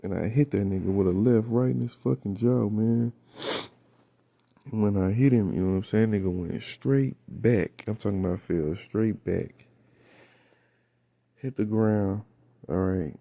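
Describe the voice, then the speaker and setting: A man with a raspy voice, just woken up, casually retelling a dream in slangy, profane storytelling full of fillers. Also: lowish voice, unhurried, pauses often, warm tone, no room sound. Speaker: vlogger recounting a dream.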